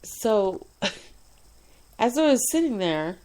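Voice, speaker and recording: A woman telling a personal hospital story in a casual, animated way, swearing often and laughing between lines. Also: mid-range voice, extremely slow. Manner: animated, profane, frequent laughs and fillers. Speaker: radio show host telling a personal story.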